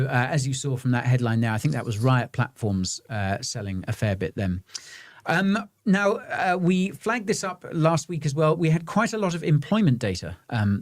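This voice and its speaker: A man co-hosting a casual crypto market chat, relaxed and talkative with plenty of fillers. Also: medium pitch, no echo. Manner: relaxed, chatty, many fillers. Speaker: crypto show co-host.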